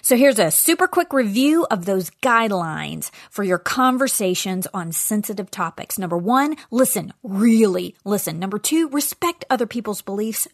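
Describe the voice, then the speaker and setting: A woman's voice: mid-range voice, animated, normal speed, hardly any pauses, no room sound, clean studio sound. A woman hosting a faith podcast, talking earnestly and with emphasis, sometimes dropping to a near-whisper to stress a point. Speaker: podcast host. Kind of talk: faith-teaching podcast monologue.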